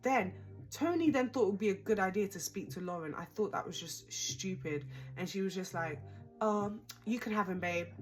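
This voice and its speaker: A woman's voice: medium pitch, brisk, soft background music. A young woman casually recapping a reality show, chatty, dramatic and exasperated.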